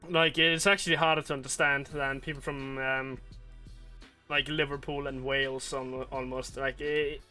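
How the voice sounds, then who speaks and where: A man with a bright, sharp voice hosts a casual podcast. He rambles through his sentences with plenty of fillers and jokes crudely. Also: mid-range voice, little pitch movement, normal speed, soft background music. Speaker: podcast host. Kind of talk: casual chat.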